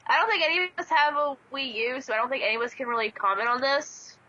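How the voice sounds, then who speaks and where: Fast, high-voiced woman on lo-fi audio. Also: pushed and bright, no room sound. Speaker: podcast co-host with a segment. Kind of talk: casual podcast chat. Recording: dull lo-fi audio.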